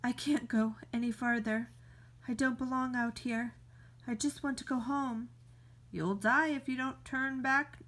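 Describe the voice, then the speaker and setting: A woman's voice: high-pitched, a bit bright. A woman teacher reading aloud, voicing a nervous, grumpy male squirrel who sounds fretful and exasperated.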